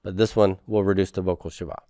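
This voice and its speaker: A man's voice: deep voice, steady tone, quick pace, dark tone, no echo. A man teaching a Hebrew grammar lecture, patiently repeating words and checking in with "okay?".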